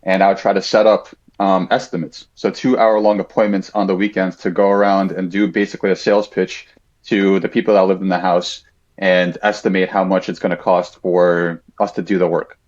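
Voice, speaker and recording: A man's voice: deep voice, flat delivery, a little fast. A man in his thirties, a podcast guest, telling a personal story in a casual, reflective way, with a lot of "like" fillers. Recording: dull lo-fi sound.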